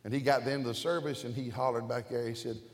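A man's voice: medium pitch, steady tone, fast talker. A man preaching a sermon, telling folksy jokes and stories. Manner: folksy, jokey storytelling. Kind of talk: storytelling sermon. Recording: echoey church hall.

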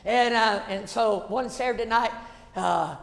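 A man, a pastor telling a folksy story in a sermon that builds to shouted passion. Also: sits high, unhurried, creaky. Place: church sanctuary. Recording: echoey church hall.

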